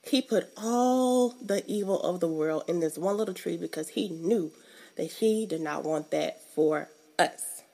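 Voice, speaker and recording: Lower-voiced woman teaching scripture casually. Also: unhurried, gravelly, dark tone. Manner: conversational, emphatic, colloquial. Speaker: faith teacher.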